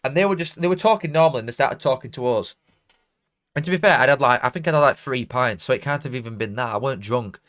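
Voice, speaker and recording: This young Barnsley man from South Yorkshire, England, speaks fast in a mid-range, somewhat bright voice on a live football watchalong. Reading donations aloud, he rambles and mocks himself casually, with a Barnsley accent and broad dialect grammar.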